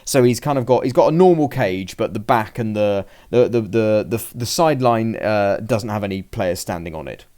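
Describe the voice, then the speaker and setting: A man's voice: lowish voice, normal speed, few pauses, warm tone. Man rambling through a game recap. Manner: rambling, restarts, acts out his own and his opponent's lines. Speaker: podcast host recounting a game. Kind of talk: casual chat, play-by-play recap.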